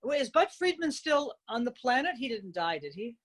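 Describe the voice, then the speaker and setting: A woman in her sixties, a comedian and writer, telling lively anecdotes with frequent laughter as a guest. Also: on the high side, moderate pace. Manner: animated, laughing storyteller. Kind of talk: casual interview chat.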